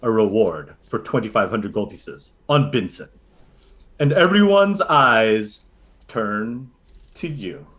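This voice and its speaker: A man narrating a tabletop role-playing game as game master, telling the story in a lively way with many fillers. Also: fairly low pitch, slow.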